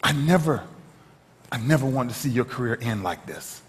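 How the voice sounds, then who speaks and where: Worried female team doctor, soft and grave, voiced by a man retelling the moment, in a reverberant hall. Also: medium pitch, expressive, moderate pace, breathy edge, voice pushed down. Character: worried woman team doctor breaking bad news.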